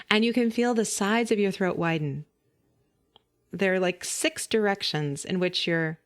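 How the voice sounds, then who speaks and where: A woman voice teacher gently guiding listeners through a vocal warm-up, giving calm step-by-step instructions with light laughs. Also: on the low side. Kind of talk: guided vocal warm-up lesson.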